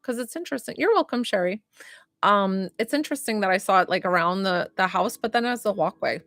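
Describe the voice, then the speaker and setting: A woman working as a psychic medium, giving live readings to viewers in a warm, rambling way with lots of filler words. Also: mid-range voice, animated, brisk, dry recording, studio quality. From northern United States.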